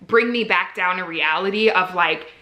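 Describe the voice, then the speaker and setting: A young woman vlogging about her medical residency, chatty and earnest, filling her sentences with "like". Her voice sits slightly low yet carries a bright, forceful edge. The room around her is noticeably echoey. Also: normal speed. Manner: chatty, frequent "like" fillers, candid and earnest. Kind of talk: casual vlog talk to camera.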